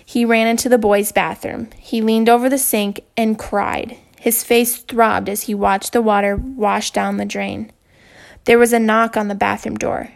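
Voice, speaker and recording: A woman calmly reading a children's novel aloud. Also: medium pitch, a little slow, vocal fry. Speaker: audiobook reader.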